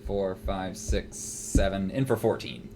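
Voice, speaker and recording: Brief: male card-game player, casual chat, dry and wry humor, a very low voice over faint noise. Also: lively intonation, slow pace, mellow. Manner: dry, wry, counts coin flips aloud.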